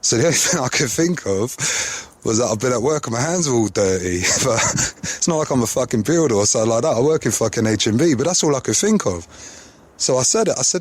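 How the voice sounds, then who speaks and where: Bloke spinning a yarn, swears a lot, chatty and slangy. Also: male voice, mid-range voice, lively intonation, fast talker, breathy edge. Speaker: storyteller. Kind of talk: casual anecdote.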